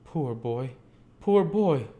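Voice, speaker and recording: A man voicing a brisk, kindly old gentleman with a hoarse, fussy voice, read from a storybook. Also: fairly high pitch, animated, voice pushed up. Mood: tender.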